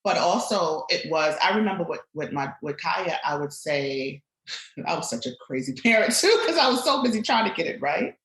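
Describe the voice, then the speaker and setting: A middle-aged woman, a guest on a podcast, talking reflectively in conversation and turning animated when she tells stories. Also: low voice, normal speed, reverberant, poor audio.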